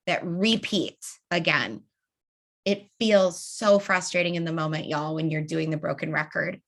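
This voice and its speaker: A woman's voice: on the low side, moderate pace, a bit bright. A woman leading an online training session over a video call, talking casually and acting out example dialogues. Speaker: organizing trainer.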